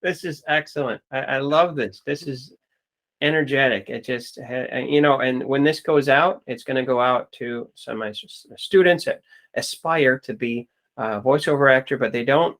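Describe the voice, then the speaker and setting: A man hosting an interview and teaching acting, who talks in a halting, encouraging way. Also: medium pitch, fairly bright tone. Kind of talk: casual interview chat.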